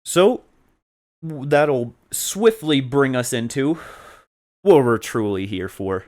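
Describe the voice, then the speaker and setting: A man's voice: medium pitch, lively intonation, slow, a little mellow. A man co-hosting a podcast, talking in a rambling, casual way with lots of fillers and swearing. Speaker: podcast co-host. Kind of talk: casual chat.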